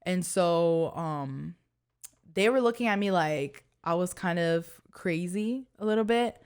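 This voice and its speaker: In an unhurried, smooth voice with lively intonation, a young woman co-hosts a podcast and recounts something that happened to her. The chat is casual and full of fillers, her manner earnest, and she goes soft and low when describing her fear.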